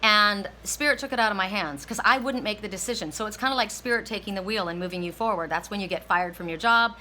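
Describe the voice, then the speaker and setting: A woman's voice: medium pitch, fast talker, pushed and bright, a little hiss or hum, poor audio. A woman tarot reader telling a personal story, emotional and near tears, often repeating herself and restarting her sentences.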